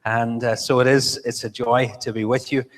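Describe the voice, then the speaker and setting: A middle-aged man with a Northern Irish accent talks to a church congregation in an easy, joking way, with plenty of "uh" and "um". His voice sits at an ordinary pitch for a man. The sound carries a long reverb from the large church room. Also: little pitch movement, normal speed. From Northern Ireland. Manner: conversational, self-deprecating humor, frequent fillers. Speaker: visiting missionary speaker. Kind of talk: church talk. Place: church sanctuary.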